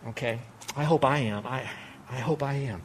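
A man preaching a sermon as pastor, earnestly acting out prayers and dropping between loud and hushed delivery. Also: mid-range voice, normal speed, a little hiss or hum.

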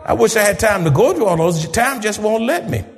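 A man preaching a fervent sermon, rising to shouts and calling on the congregation to answer back. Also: high-pitched, expressive, a little fast, big-room sound. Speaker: pastor.

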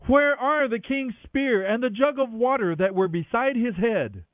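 A man's voice: very high-pitched, animated, a little slow, no echo, voice pushed up. A man voicing an impassioned young warrior, raised and pleading. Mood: taunting. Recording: dry, tinny phone-like radio sound.

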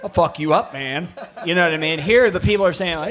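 A middle-aged American man with a high, lifted voice spins loose, profane stories as a guest. He rambles, laughs into his own lines and jumps into squeaky impressions of the people he quotes. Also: quick pace, crowd noise. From United States. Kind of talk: casual storytelling chat.

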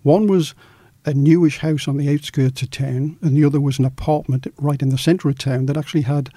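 Middle-aged male journalist storyteller, animated, dry close sound. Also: a little high, brisk, no room sound. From Australia. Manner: animated storyteller, acts out quoted dialogue. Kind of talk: storytelling in an interview.

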